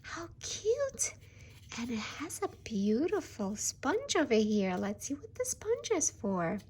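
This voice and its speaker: A toy-unboxing host speaks in a soft half-whisper and gushes over each item. Her voice is high, breathy and very airy. She talks slowly and her pitch swings widely. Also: wildly swooping pitch. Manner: hushed and gushing.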